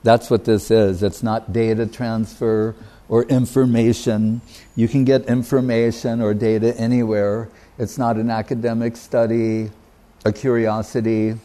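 A man's voice: fairly low pitch, level tone, warm tone. Reflective man giving a devotional talk. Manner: reflective, unhurried, with pauses and fillers; quotes Sanskrit verses. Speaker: spiritual teacher.

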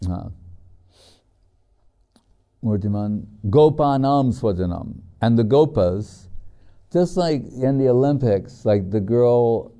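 A middle-aged man lecturing on scripture, slipping easily into personal anecdotes. His voice is very dark and mellow, sits a little low, and he takes his time over every phrase. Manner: storytelling, chatty with many fillers. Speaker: spiritual teacher.

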